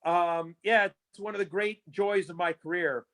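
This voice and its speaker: A man's voice: high-pitched, unhurried. A man guest in a casual interview, telling stories with many fillers and restarts. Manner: rambling, lots of fillers and restarts, animated retelling. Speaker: fantasy sports analyst guest.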